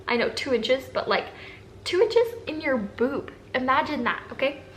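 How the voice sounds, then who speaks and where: A woman's voice: high voice, expressive, normal speed, a bit bright. A young adult woman candidly telling viewers a personal story in casual talk. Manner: candid, emotional, addresses viewers as guys. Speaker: vlogger telling her breastfeeding story. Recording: echoey room with faint background noise.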